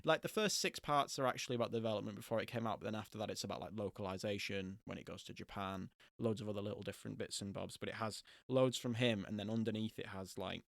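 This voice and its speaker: Brief: young guy, podcast host, jokey chat, gravelly tone. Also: fairly low pitch, quick pace, few pauses, no room sound, clean studio sound. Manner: jokey, laughs often, does silly voices. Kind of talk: casual chat.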